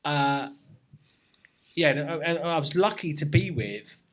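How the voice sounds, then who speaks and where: His voice sits on the high side and he takes his time as he shares a story. He's a former soldier being interviewed casually, thoughtful in tone, heavy on army jargon, and prone to restarting his sentences.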